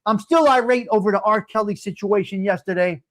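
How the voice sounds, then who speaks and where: Brief: New man in his late fifties, high-pitched for a man, loud profane live-stream host who rants and addresses his viewers directly. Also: fairly quick. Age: 50s. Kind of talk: casual chat to live chat viewers.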